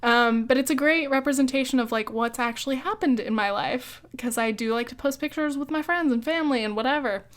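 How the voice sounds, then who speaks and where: A woman's voice: sits high, brisk, hardly any pauses. A young woman hosting a solo podcast, rambling casually with lots of fillers, cursing freely and laughing as she talks, hiccuping now and then. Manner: chatty, profane, laughs often, filler-heavy. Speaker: podcast host.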